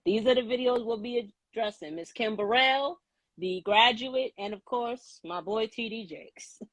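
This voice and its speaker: A woman's voice: on the high side, a little slow, no room sound, highs cut off. A woman hosting a live podcast, chatty and outspoken, laughing often as she talks. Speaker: podcast host.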